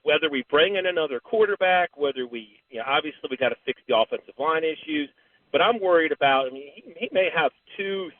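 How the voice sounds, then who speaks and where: A man's voice: a little high, lively intonation, fast, dry recording. A man calls in to sports radio to earnestly lay out his case, stopping for fillers along the way. His voice comes through a narrow, tinny phone line and sounds dry and close. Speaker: caller. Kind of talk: call-in sports opinion.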